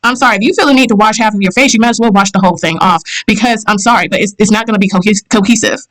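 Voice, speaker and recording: A woman's voice: medium pitch, very fast, a bit bright, rough recording. A woman from the American South with a Southern accent, giving blunt, sassy reaction commentary as the host of her channel. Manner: blunt, sassy, repeats herself for emphasis.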